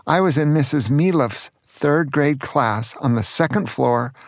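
A man in his sixties from California, a grandfather gently and earnestly telling stories from his childhood on his own podcast. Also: a little high, dry recording, clean studio sound. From California, USA. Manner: earnest, gentle, slow storytelling. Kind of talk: storytelling memoir.

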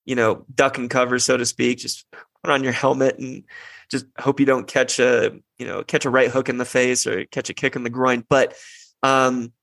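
In a dry recording, a young man with a mid-range, fairly bright voice and some vocal fry talks at a moderate pace, his pitch barely shifting. He hosts a parenting podcast, musing earnestly in a casual monologue that keeps restarting and is peppered with "you know."

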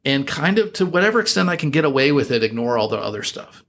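A man's voice: mid-range voice, big pitch swings, fast, a bit bright. Rambling middle-aged American man. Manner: reflective, rambling with frequent fillers and restarts. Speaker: guest. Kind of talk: casual interview chat.

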